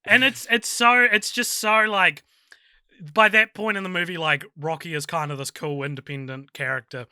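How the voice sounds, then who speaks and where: A man co-hosting a casual film review podcast, animated and mocking, laughing often. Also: a little high, moderate pace, clean tone, no room sound. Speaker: podcast co-host.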